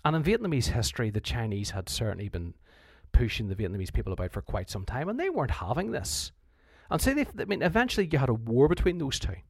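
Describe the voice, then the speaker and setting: A man talks through a history lesson in a casual, storytelling way, restarting sentences as he goes. His voice sits at a middle pitch and is recorded close and dry, with no room sound. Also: sing-song, quick pace, gravelly, hardly any pauses, slightly rough, no room sound. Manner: conversational, restarts often, acts out quoted leaders. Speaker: history teacher. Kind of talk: informal history explainer.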